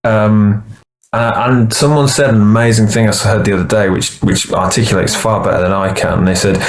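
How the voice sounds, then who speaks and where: A man's voice: fairly low pitch, fairly even intonation, moderate pace, poor audio. A man, a band's singer and songwriter, talking earnestly in a casual interview and restarting his sentences often. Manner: earnest, rambling with many restarts.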